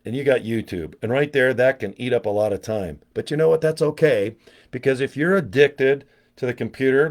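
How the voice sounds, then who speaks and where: Man in his sixties, casual vlogger, rambling, jokey, self-mocking, mid-pitched voice. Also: darkish tone. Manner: joking, digressive, self-mocking asides. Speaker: online business vlogger. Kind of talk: rambling casual monologue to camera.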